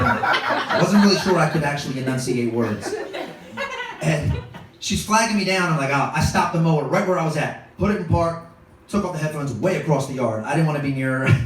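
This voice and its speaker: A man with a high-pitched voice tells an animated stand-up story, jumping into quoted voices as he goes. He sounds far from the microphone in a very echoey club, with audience noise clearly heard behind him. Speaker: stand-up comedian. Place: comedy club stage. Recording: distant mic, roomy echo, audience noise. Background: audience laughter.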